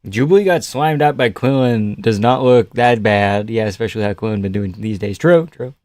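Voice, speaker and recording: A man's voice: fairly low pitch, normal speed, darkish tone, no echo, clean studio sound. Laid-back young man streaming. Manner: laid-back, laughs often, swears casually, reads chat aloud. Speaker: live-stream host. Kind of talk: casual live-stream chat.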